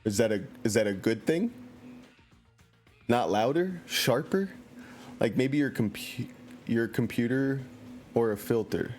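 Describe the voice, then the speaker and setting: A man's voice: medium pitch, a little slow, long pauses. Joking guy streaming a game on a computer mic, voice swoops up and down a lot, faint music behind. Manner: joking, animated, reads chat aloud. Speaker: streamer playing a story game. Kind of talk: casual gameplay commentary.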